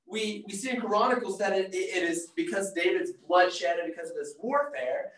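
A preacher giving a sermon who reads scripture aloud and retells it in a casual, excitable way. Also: mid-range voice, normal speed, few pauses. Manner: excitable, casual and animated, slips into voicing the characters. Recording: echoey room, mic far off.

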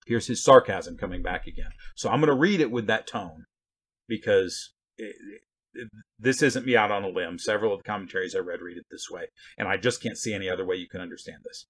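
A man's voice: on the low side, fairly quick, fairly bright tone. A man giving a conversational Bible teaching, blunt and folksy, full of rhetorical questions and asides.

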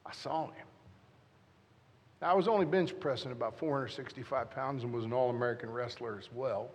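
Here the guest pastor, a man in his fifties, speaks a little fast in a mid-range voice inside a large church hall. Animated and joking, he tells a story as part of his sermon and talks right to the congregation.

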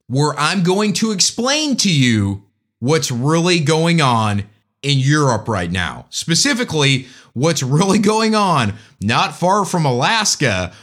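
A man's voice: fairly high pitch, a bit bright. A man giving a casual, joking, opinionated monologue as a commentator.

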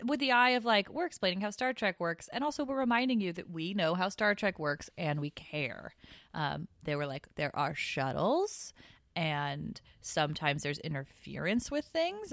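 A woman co-hosting a podcast, chatting casually and animatedly, with quick asides and laughs. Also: medium pitch, fairly bright tone, no room sound, studio quality. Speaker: podcast co-host. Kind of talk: casual chat.

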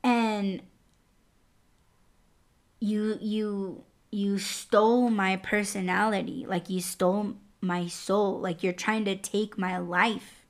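Slow-talking candid woman podcaster. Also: medium pitch. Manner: candid and profane, lively swings in loudness. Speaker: podcast host. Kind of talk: casual storytelling to listeners.

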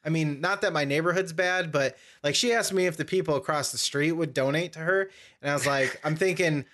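This podcast host is a young man whose voice sits on the high side and sounds fairly bright, and he talks fairly quickly. His casual chat drifts into a long, rambling anecdote full of self-corrections.

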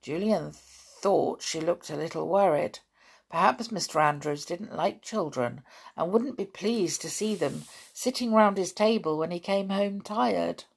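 A woman reading a classic children's story aloud, steady and expressive. Her voice sits fairly low, with a husky, breathy edge and a creaky, gravelly grain. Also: measured pace.

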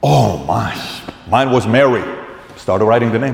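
A man giving a live motivational business talk to an audience, an animated storyteller who acts out dialogue with blunt, profane language. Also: medium pitch, a little slow, vocal fry. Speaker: business speaker. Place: large hall with a live audience. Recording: echoey hall, long reverb.

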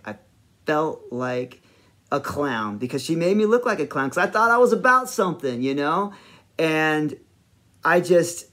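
A man hosting a podcast, telling a personal story in a rambling, animated way with many fillers. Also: mid-range voice. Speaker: podcast host.

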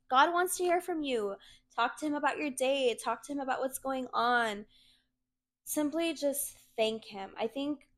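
A young woman giving a casual, earnest faith talk to her viewers, chatty and leaning on the word "literally". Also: fairly high pitch. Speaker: Christian content creator.

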